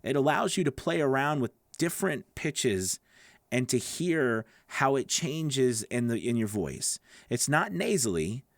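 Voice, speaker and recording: In this clip the gravelly, slightly nasal coach, at medium pitch, sounds very animated yet keeps a measured pace as he teaches voice acting to camera. His delivery rambles and restarts, dotted with checks like "okay? right?", and the sound is close and dry without any room.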